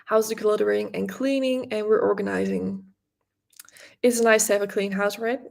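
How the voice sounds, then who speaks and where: A young woman from the Netherlands with a Dutch accent, chatting casually on a knitting livestream and answering viewers' comments with quick restarts and soft laughs. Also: medium pitch, fairly even intonation, creaky. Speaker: livestream host, knitting creator.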